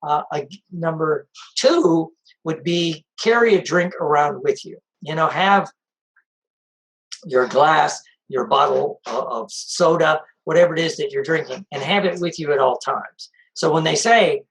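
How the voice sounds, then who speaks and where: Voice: medium pitch, a little slow, fairly bright tone, low-quality recording. A sobriety coach giving practical advice in a casual, conversational way, repeating the key points. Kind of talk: casual spoken advice talk.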